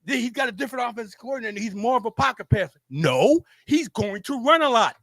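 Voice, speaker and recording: Speaking fast with vocal fry, this male sports show host has an extremely high, somewhat bright voice and lively intonation. His heated argument is insistent and repetitive, full of stammering restarts. The sound is echo-free, with the mic facing a camera.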